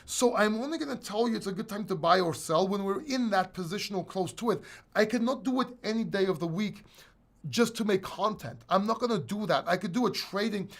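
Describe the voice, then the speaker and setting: On a casual crypto livestream, a man reads chat questions and answers them bluntly, rambling, restarting, and swearing as he goes. His voice sits high with lively intonation and a fairly quick pace.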